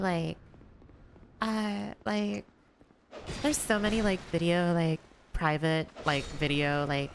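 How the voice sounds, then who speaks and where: A young woman rambles through casual gameplay commentary, full of fillers and the odd swear. Her voice sits low with a gravelly edge, though she sometimes pushes it higher on purpose. A faint hiss runs underneath. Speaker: gaming streamer.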